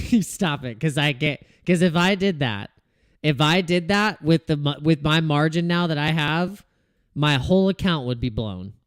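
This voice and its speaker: Exasperated, lively-pitched male streamer. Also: normal speed, smooth, no echo, studio quality. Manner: frustrated, swearing, rambling with restarts. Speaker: crypto trading livestream host. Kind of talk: casual livestream rant.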